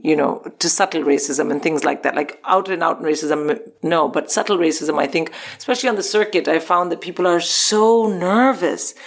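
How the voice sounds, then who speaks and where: A woman's voice: low voice, normal speed, creaky, hardly any pauses. A woman from India, a comedian guest on a podcast, chatting casually and laughing often as she tells stories. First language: Hindi. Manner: animated, laughs often while telling stories.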